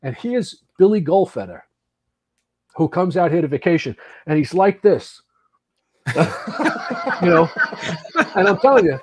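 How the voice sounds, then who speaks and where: A man in his early sixties from the United States, a podcast guest telling firefighting stories casually, animated and swearing, with frequent restarts. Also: high voice, unhurried, pauses often, husky. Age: 60s. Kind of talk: casual storytelling.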